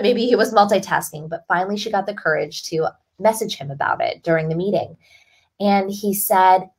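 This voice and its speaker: A woman author as a podcast guest, explaining ideas in an articulate, upbeat way and telling stories. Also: lowish voice. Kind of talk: podcast interview.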